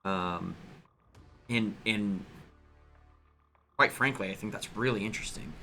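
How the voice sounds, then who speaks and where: Bright, forceful male host, chatty and rambling, faint music behind. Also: on the low side, unhurried, gravelly. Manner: rambling, animated storytelling with voiced asides. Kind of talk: casual chat.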